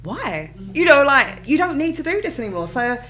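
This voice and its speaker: Animated woman telling her story. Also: fast, rough recording. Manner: animated, bursts into high excited exclamations and laughter when retelling moments. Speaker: interview guest. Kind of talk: candid conversational storytelling.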